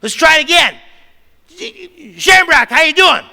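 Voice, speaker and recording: Male speaker putting on a barking, high, sharp-voiced shop teacher, pushy and upbeat, in a reverberant hall. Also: expressive, unhurried, gravelly, full character voice. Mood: lecturing. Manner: loud, barking, insistent repeated calls. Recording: long reverb of a big hall.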